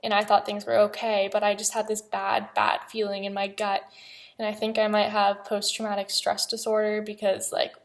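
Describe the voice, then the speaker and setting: A young woman telling a personal story to her vlog in a halting, hesitant way, with many pauses. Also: medium pitch, monotone, gravelly. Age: young adult. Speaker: vlogger.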